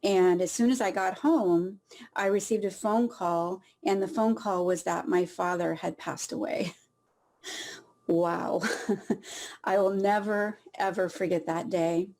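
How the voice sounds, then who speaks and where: A woman sharing a personal story in an emotional, heartfelt way, pausing often and laughing softly through tears. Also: medium pitch, steady tone. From Southern California.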